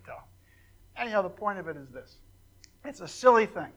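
High, bright-voiced older male preacher. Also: expressive, fast, rough recording. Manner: folksy storytelling with joking asides and fillers. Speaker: pastor. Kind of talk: informal sermon to a congregation.

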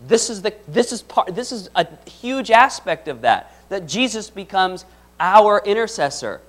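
Man, preacher, sermon, reads scripture, asks questions, a touch high-pitched. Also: big pitch swings, unhurried, fairly bright tone. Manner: conversational, asks the audience questions.

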